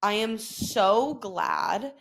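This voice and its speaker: A woman's voice: medium pitch, animated, drawn-out words. A woman hosting her own podcast, telling a story in a profane, dramatic, casual way full of fillers. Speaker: podcast host. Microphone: podcast microphone.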